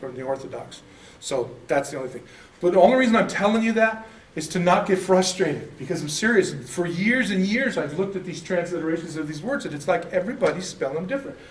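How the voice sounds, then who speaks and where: An American man teaching an informal church class, rambling and correcting himself in a folksy way. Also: on the high side. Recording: echoey room, mic at a distance.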